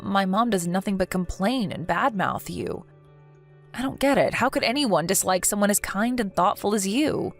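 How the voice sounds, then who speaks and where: A woman's voice: on the low side, vocal fry. A woman voicing a caring, outspoken young woman who talks firmly and reassuringly, in a text-message story reading. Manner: firm and reassuring.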